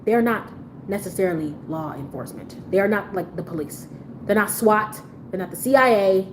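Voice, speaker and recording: A woman's voice: medium pitch, lively intonation, normal speed, slight background noise, low-quality recording. A woman giving a blunt, profane commentary rant on a live stream, talking in an incredulous tone.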